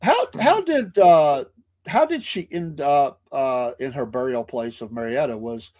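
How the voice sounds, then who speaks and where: A man hosting an interview, asking questions in a halting way and repeating words as he goes. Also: mid-range voice, expressive, darkish tone. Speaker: interview host. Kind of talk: casual interview.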